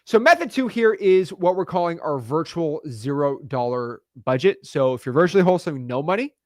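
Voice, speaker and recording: Male coach, a bit high-pitched, punchy slangy delivery, dry close sound. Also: lively intonation, darkish tone, no echo. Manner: fast, emphatic, slangy, repeats words for emphasis. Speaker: real estate wholesaling coach. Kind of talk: energetic coaching video lesson.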